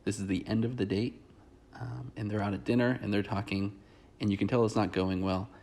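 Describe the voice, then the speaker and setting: A man hosting a comedic reality-show recap, mocking everything he describes with dry sarcasm. His voice sits fairly low and carries a gravelly fry. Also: steady tone, a little fast, darkish tone.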